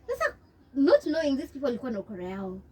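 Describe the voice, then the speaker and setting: A young Kenyan woman with a Kenyan accent, telling her story in an interview and mixing English and Swahili in an animated way. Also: high voice, racing, slightly rough, recorded from a distance. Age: young adult. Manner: switches between English and Swahili, animated, laughs often. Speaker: interview guest.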